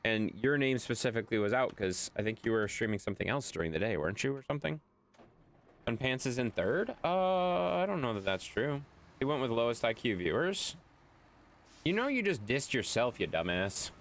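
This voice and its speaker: A man's voice: mid-range voice, very animated, normal speed. A man streaming live, chatting casually and rambling as he answers viewers' chat.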